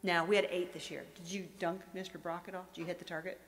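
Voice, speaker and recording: Her voice is fairly low, fast, and flat in delivery, yet this middle-aged woman hosts the morning school announcements in an upbeat, chatty, encouraging style. The recording has room reverb and faint noise.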